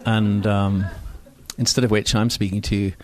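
A man's voice: lowish voice, little pitch movement, moderate pace. Wry older man with received pronunciation. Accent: received pronunciation English. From Scotland. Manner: wry, digressive, self-mocking with many fillers. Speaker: speaker telling a personal story. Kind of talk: storytelling talk. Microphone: microphone on stage.

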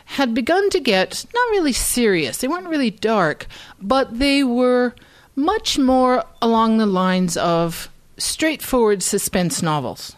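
A woman author talking casually to a live bookstore audience, wry and halting, with stammered restarts and frequent ums. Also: a little high, lively intonation, dry recording. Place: bookstore event.

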